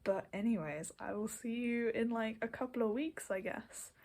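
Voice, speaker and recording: A woman's voice: a little high, moderate pace, darkish tone, slight background noise. A young woman vlogging to camera in a rambling, self-deprecating way, laughing often and half-whispering at times. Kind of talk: casual to-camera chat.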